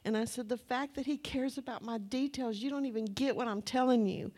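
Chatty, high-voiced woman giving testimony. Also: a little fast. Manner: chatty, breathless storytelling; acts out her own past words in a high excited voice. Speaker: church speaker. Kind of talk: testimony sermon.

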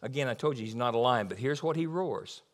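A man preaching a sermon in an emphatic, lively way, repeating key lines and adding asides. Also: medium pitch, quick pace. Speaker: pastor.

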